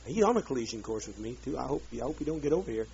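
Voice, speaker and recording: A man's voice: medium pitch, expressive, rapid-fire, creaky, dark tone, slight background noise. Brief: man ranting at a group, bitter and profane, drawling, muffled old tape. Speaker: leader addressing a group. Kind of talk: angry profane rant. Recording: dull lo-fi archive tape.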